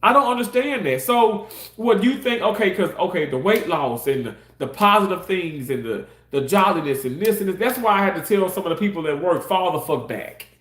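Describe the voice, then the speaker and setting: A man's voice: high-pitched, animated, fairly quick, a bit bright, echoey room. A man ranting on his live stream in a passionate, heated way, cursing and repeating himself. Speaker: live-stream content creator. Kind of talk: casual live-stream rant.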